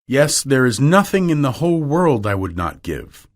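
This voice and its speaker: A man's voice: medium pitch, big pitch swings, moderate pace, voice pushed up, lightly acted. A man reading aloud and voicing a vain young man in despair, speaking in a pleading, emotional way. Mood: anguished.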